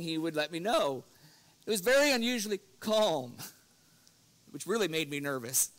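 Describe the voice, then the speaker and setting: Earnest high-voiced male preacher. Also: a bit bright. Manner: earnest, rises in pitch and force when quoting scripture; breaks into chuckles while telling stories. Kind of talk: evening church lesson.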